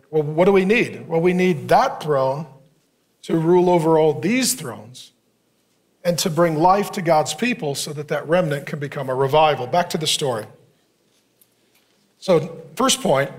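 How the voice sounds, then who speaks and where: Animated high-voiced male pastor preaching. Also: slight background noise. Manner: joking, sarcastic asides. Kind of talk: sermon.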